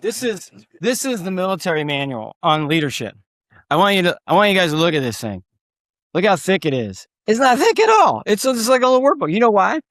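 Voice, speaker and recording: With a high, very animated voice and a slightly fast pace, a veteran who also gives talks tells war stories on a podcast. He drives his key points home, almost shouting when it matters, in studio quality with no echo.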